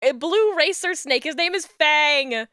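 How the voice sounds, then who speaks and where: A young woman streamer, chatting casually and rambling, with bursts of excited yelling. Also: high voice, a little slow, dry recording, clean studio sound. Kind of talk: casual livestream chat while crafting.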